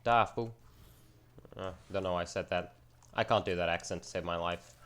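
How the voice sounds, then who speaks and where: A man with a somewhat low voice talks through his game run in a loose, rambling way. He mocks himself now and then and drops casual slang as he goes. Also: flat delivery, quick pace, a bit bright, clear, resonant tone. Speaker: gaming channel host. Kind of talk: casual gameplay commentary.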